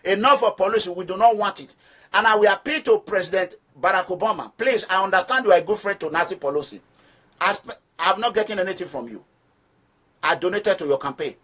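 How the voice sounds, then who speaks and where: Talking fast in a high, expressive voice that sounds pushed and bright, this Nigerian-accented activist leader addresses his listeners directly. His political commentary is emphatic and preachy, with phrases repeated for emphasis.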